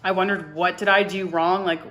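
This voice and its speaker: Soft-spoken young woman telling a painful story. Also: fairly low pitch, steady tone. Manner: halting, emotional, often soft and hushed. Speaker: vlogger. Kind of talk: personal confessional storytelling.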